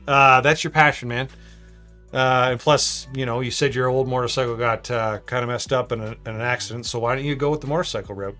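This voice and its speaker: A man's voice: medium pitch, fairly even intonation, fairly quick, bright, forceful tone, soft background music. A man hosting a casual live stream from his home studio, chatty and upbeat as he greets viewers. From Canada. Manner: upbeat, chatty, reads viewer comments aloud. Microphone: shotgun mic.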